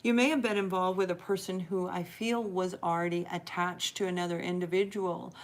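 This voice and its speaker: A woman's voice: lowish voice, steady tone, fairly quick. A middle-aged woman giving a live tarot reading as host, talking earnestly and encouragingly straight to her viewers and stretching out the words she stresses.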